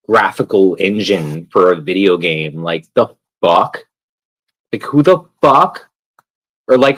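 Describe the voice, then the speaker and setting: A man streaming live rambles in a loose, profane rant, leaning on "like" between every thought. His voice sits low and sounds husky and breathy. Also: rough recording. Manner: rambling, swears constantly, fills with "like". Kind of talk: casual profane rant while gaming.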